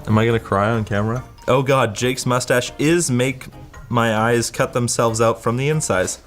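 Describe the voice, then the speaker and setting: A man's voice: mid-range voice, fairly even intonation, normal speed, faint music behind. A man reading viewer comments aloud in a mock-dramatic, amused way. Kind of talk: casual reading aloud with reactions.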